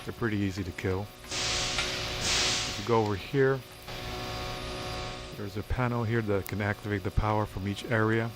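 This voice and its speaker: A man giving relaxed, rambling commentary over his gameplay, with many fillers. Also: fairly low pitch, normal speed, long pauses, heavy background noise. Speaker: let's play commentator. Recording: game music playing behind. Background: game music.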